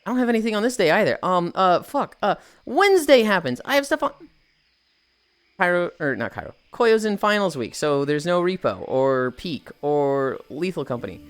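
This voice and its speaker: Woman streamer, low voice with an animated, swooping delivery, profane and joking, chatting to viewers while she stretches at home with faint music underneath. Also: normal speed. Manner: profane, joking, reads chat aloud. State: stretching, groaning with effort. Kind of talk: casual live-stream chat. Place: at home, indoors.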